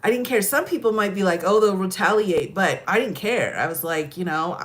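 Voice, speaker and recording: A middle-aged American woman telling stories in a casual chat, laughing often and animated. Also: medium pitch, a little fast. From United States. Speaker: host.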